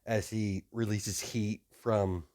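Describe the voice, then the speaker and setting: A man's voice: on the low side, flat delivery, slow pace, darkish tone. A man improvising a fan story narration, rambling and hesitant with many restarts.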